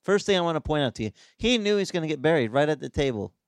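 A man, a pastor, preaching a sermon with animated delivery and sudden leaps in pitch. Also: quick pace, clear, resonant tone, no echo, clean studio sound.

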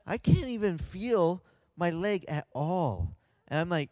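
A man who is a pastor, telling a lively personal story and acting out the voices of the people in it. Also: a little high, moderate pace, few pauses, no echo. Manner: animated, acts out voices of others. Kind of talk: storytelling anecdote.

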